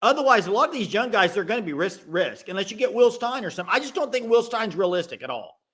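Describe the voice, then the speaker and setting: Male sports-talk host, bright and lively, opinionated, fast restarts. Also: high-pitched, husky. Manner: animated, quick restarts, throws out opinions. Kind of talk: casual sports talk with live call-ins.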